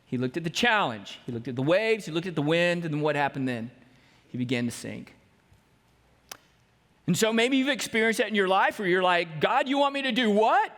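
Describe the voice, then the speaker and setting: High-voiced pastor preaching in a reverberant hall. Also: male voice, sing-song, moderate pace, pauses often, fairly bright tone. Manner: storytelling preacher who acts out quoted voices. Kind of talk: sermon. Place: church sanctuary.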